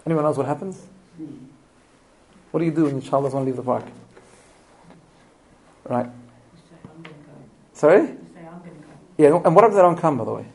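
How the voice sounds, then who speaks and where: Animated middle-aged man lecturing on parenting. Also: fairly high pitch, normal speed, gravelly, long pauses, poor audio. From immigrant to Australia. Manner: animated storytelling with restarts and rhetorical questions. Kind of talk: live parenting talk to an audience.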